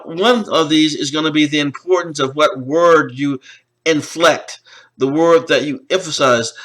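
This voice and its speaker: A male college lecturer explaining slides, pausing often on "uh" and restarting phrases. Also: on the high side, a bit bright, poor audio. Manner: explanatory, with frequent "uh" fillers and restarts. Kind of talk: recorded lecture over slides.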